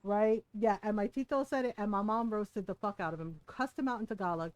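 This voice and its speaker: A woman's voice: medium pitch, brisk, clear, resonant tone, no room sound. A woman game streamer chatting casually, telling stories with lots of laughter and swearing. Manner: animated storytelling, swears freely, laughs often.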